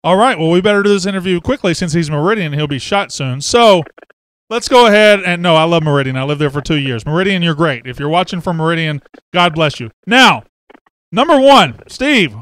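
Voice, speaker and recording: A man hosting a sports podcast, excitable and brash, speaking from a studio. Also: a little high, brisk, no room sound. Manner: excitable, brash, loud bursts. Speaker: podcast host. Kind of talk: energetic sports podcast talk.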